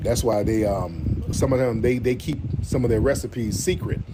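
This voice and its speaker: A man with kids hosting a live stream, chatting casually in an animated, slangy way and repeating himself. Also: medium pitch, normal speed. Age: adult, has kids. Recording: noisy stream audio.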